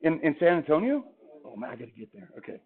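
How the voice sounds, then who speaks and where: Male math teacher, classroom lecture, higher voice, phone-like tinny sound. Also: big pitch swings, fast talker. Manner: chatty, asks the class questions.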